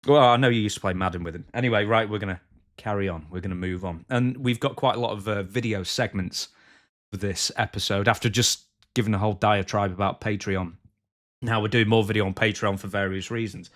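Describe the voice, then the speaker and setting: Low-voiced man steering a podcast. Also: fairly even intonation, a little fast, a bit bright. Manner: steers the conversation and moves segments along. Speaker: podcast co-host. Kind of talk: casual podcast chat.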